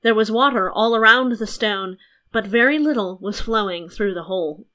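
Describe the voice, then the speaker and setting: A woman reads a fairy tale aloud in a steady, unhurried storytelling manner. Her voice is bright and clear, with a middle-range pitch for a woman. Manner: even, storytelling delivery. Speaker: narrator. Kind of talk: audiobook fairy tale reading.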